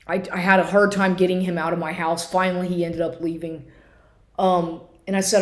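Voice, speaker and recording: Woman venting on her home vlog, low-ish voice, cursing a lot, echoey room. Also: little pitch movement, fairly quick. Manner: profane, agitated, restarts often. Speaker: vlogger. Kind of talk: casual storytelling rant. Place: home, at the computer.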